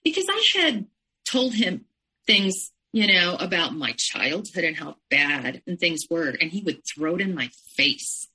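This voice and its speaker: A woman guest in an interview recounting her own story in a halting, emotional way, with restarts and frequent asides. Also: fairly low pitch, sing-song, pushed and bright, breathy edge, rough recording. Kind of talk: personal storytelling in conversation.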